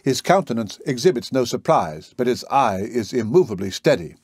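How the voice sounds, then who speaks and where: Male audiobook narrator, husky voice, measured scripted reading, dry close sound. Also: medium pitch, big pitch swings, no echo.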